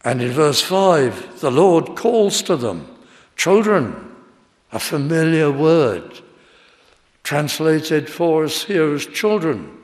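A man preaching an expository sermon, reading verses and explaining them with deliberate emphasis. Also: a little high, lively intonation, darkish tone. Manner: slow, deliberate Bible exposition with rising emphasis. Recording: long hall reverb.

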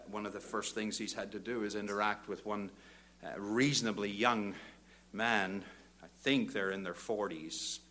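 Older preacher, bright-toned. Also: male voice, lowish voice. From Northern Ireland. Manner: builds from quiet reflection to loud fervent exhortation. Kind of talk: sermon.

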